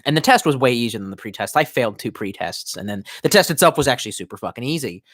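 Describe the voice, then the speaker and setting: Lively young man ranting profanely. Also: mid-range voice, fast, no echo. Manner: profane, rambling, animated storytelling. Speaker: live streamer. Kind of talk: casual live stream rant. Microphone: close desk mic.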